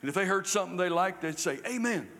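Older preacher, slightly higher male voice, folksy and humorous from the pulpit, long church reverb. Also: racing, pushed and bright. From South Carolina, USA. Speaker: guest preacher. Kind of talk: sermon. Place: church sanctuary.

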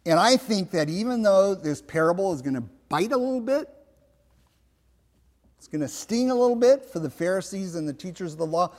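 A pastor preaching a sermon, slow and emphatic, asking his listeners rhetorical questions. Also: a little high, a little mellow, in a large hall.

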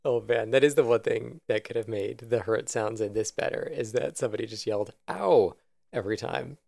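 A man co-hosts a casual chat, joking and laughing as he talks. His voice has a gravelly fry running through it. The sound is dry and close, with no room around it. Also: on the low side, fairly even intonation, brisk, a little mellow, dry recording. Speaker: podcast co-host. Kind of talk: casual chat about anime.

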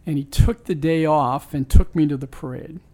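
A man's voice: a little high, moderate pace, warm tone. A man in his sixties from New York, a sports team owner, tells a personal story in an interview. He is reflective and earnest and often restarts his sentences. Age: 60s.

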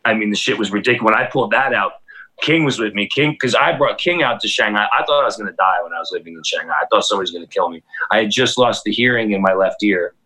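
Middle-aged male host, bright voice, loose, profane, animated storyteller. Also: on the low side, fast talker, husky, low-quality recording. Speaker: DJ and podcast host. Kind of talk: casual storytelling chat.

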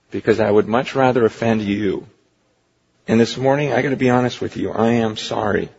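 A male pastor delivering an impassioned sermon, swinging from hushed to near-shouting, with a husky voice. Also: on the low side. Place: church sanctuary. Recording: lo-fi recording with long hall reverb.

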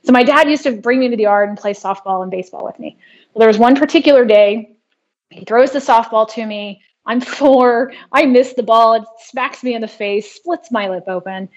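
A woman guest in a conversational interview who explains her wellness work in an earnest, brisk way. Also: fairly high pitch. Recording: dull lo-fi audio.

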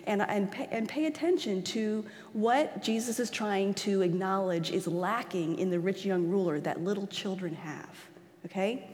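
A woman preaches in a relaxed, conversational way, animated and quick to laugh as she talks the congregation through a passage. Her voice sits at an ordinary pitch. It carries with a long reverb, as if recorded in a church hall. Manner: animated, acts out quoted voices, laughs easily. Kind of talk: conversational sermon.

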